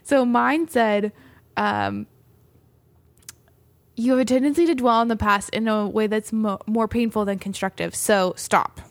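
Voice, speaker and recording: A woman on a podcast, chatting casually and giggling as she tells stories and reads things out. Her voice sits at an ordinary pitch. It is recorded dry and close, with no room sound. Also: sing-song, unhurried, no echo. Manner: giggly storyteller, reads aloud and mimics friends. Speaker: podcast co-host. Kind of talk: casual chat.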